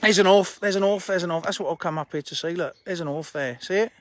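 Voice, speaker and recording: Bloke on his phone by a fishing lake, high voice, laughy and blunt, birds a bit in the back. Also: quick pace, a bit bright, a little hiss or hum. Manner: chatty, laughing, blunt and informal. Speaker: fishery owner. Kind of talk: live-streamed lakeside walk and chat. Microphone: handheld phone.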